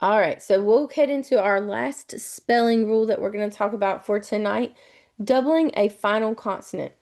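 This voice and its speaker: A woman's voice: mid-range voice, normal speed, darkish tone. A middle-aged woman teaching a live online lesson on spelling rules, explaining patiently and spelling words out letter by letter.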